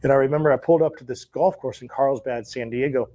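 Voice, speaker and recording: A man telling his life story in an interview, animated and profane, often laughing as he talks. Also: medium pitch, quick pace.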